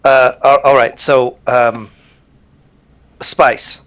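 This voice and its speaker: A man's voice: medium pitch, level tone, drawn-out words, fairly bright tone, no echo. A man as a player in a tabletop game, talking in character in a sly, businesslike way over a video call.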